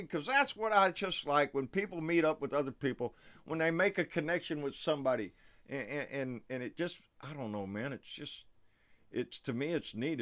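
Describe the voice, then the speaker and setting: Excitable man with a bright voice. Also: mid-range voice. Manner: excitable, profane, stumbling restarts. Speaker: livestream host. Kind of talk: casual livestream talk. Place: South Texas.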